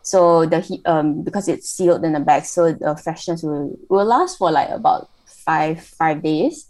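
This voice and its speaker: A woman speaks as a guest on a chat show, soft-spoken and a bit hesitant, filling pauses with ums. Her voice sits on the lower side for a woman. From Malaysia. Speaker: guest baker. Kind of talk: casual interview chat.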